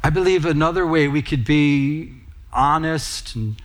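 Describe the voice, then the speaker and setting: A man's voice: a little high, unhurried. A middle-aged man preaching a sermon as pastor, telling personal stories in an earnest, conversational way.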